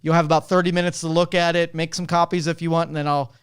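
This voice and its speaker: A man co-hosting a studio talk show, talking in a measured way with dry jokes. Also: a little high, little pitch movement, clean tone. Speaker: co-host. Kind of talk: casual talk show chat. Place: radio studio.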